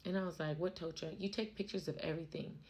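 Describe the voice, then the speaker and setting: A woman's voice: lowish voice, steady tone, fast, darkish tone. An American woman vlogging, telling a personal story to camera in an emphatic, emotional way and repeating herself for stress. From United States. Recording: noisy background.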